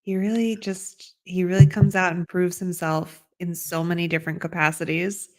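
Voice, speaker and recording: A woman with a slightly low voice co-hosts a casual podcast. She talks in an upbeat, chatty way and sprinkles in 'like' often. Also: level tone, normal speed. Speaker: podcast co-host.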